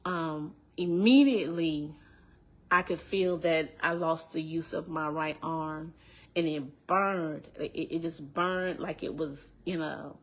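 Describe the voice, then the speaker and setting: A middle-aged woman telling an emotional personal testimony in an earnest, halting way, repeating phrases as she goes. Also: low voice. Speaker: speaker giving a personal testimony.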